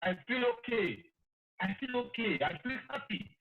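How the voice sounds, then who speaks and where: A man's voice: high-pitched, lively intonation, normal speed. A man calling in to a live show, full of effusive, emotional praise. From Nigeria. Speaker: caller. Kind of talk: phone-in call. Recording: tinny phone line with faint hiss.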